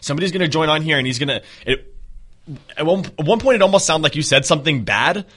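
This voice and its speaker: Male co-host, rapid and bright, loose profane banter. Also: fairly high pitch, slightly rough. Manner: fast, profane, animated recounting. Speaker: podcast co-host. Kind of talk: casual podcast banter.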